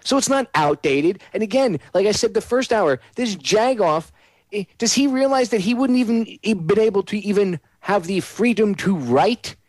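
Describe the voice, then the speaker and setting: A man's voice: high voice, expressive, normal speed, darkish tone, no room sound. A man hosting a talk radio show, delivering a heated, sarcastic monologue.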